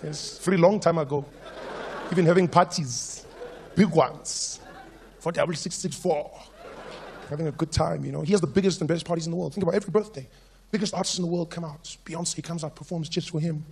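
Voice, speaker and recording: A South African man doing stand-up comedy, telling stories in an animated, playful way. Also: fairly high pitch, a little fast, gravelly, a little hiss or hum.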